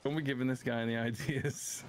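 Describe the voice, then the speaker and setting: A man's voice: mid-range voice, steady tone, a little fast, slight background noise. A man chatting casually and teasing while playing a video game, often laughing. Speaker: streamer. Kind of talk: casual gaming chat.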